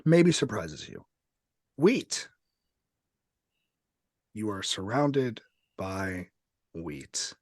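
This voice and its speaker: Man, game master narration, low husky voice, lively swooping delivery, dry sound. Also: drawn-out words, pauses often, no room sound. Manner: lively, descriptive narration with fillers.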